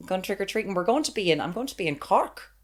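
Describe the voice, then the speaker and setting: A woman's voice: medium pitch, lively intonation. A woman from Limerick with an Irish accent, co-hosting a podcast in casual chat and telling stories with frequent laughs. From Limerick, Ireland. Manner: chatty storyteller, quick to laugh. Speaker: podcast co-host.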